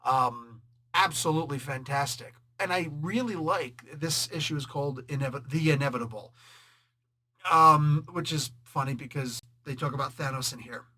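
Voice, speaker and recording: A man hosting a casual comic book review, jokey and animated, laughing often and slipping into quick voices to quote characters. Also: on the high side.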